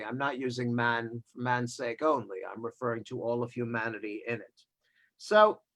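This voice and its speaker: Rabbi, male, wry storyteller, slightly high voice, video call sermon. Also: a bit bright, poor audio. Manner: wry, joking asides.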